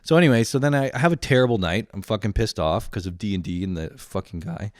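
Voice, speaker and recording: A man's voice: lowish voice, fast talker, dry recording, studio quality. A young man in his twenties ranting casually and comically, swearing a lot and laughing often. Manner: profane, animated, laughs often. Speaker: vlogger. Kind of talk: casual comedic rant.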